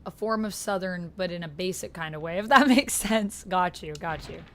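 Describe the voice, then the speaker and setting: A young woman with a Canadian accent chatting casually to her viewers while playing a game live, reading out chat and filling pauses with "uh" and "like". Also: fairly low pitch. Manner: chatty, reads chat aloud, frequent fillers. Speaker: streamer. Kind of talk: live-stream gameplay chat.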